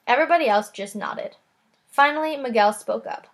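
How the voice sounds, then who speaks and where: A woman teacher reading a children's chapter book aloud in a calm, clear storytelling manner. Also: fairly high pitch, moderate pace.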